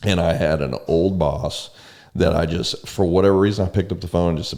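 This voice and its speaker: A man talking in a relaxed conversation, earnest and rambling, often repeating words as he tells stories. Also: sits low, a little fast. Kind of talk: casual conversation.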